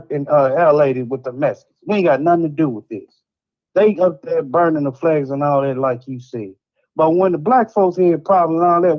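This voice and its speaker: Frustrated caller ranting over a muffled line. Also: male voice, a little high. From Chicago. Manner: frustrated, rambling, repeats "man" and "White". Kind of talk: heated call-in rant.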